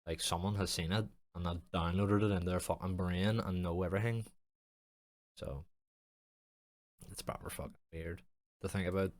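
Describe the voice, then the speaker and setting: A man's voice: low voice, fairly even intonation, normal speed, pauses often. A young man hosting a casual podcast, rambling loosely and swearing heavily with a jokey tone. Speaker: podcast host and streamer.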